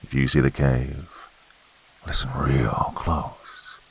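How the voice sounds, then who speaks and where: A man narrating a horror story in a folksy campfire manner, swinging between loud and hushed delivery. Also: a bass voice, flat delivery, slow pace, creaky, slight background noise.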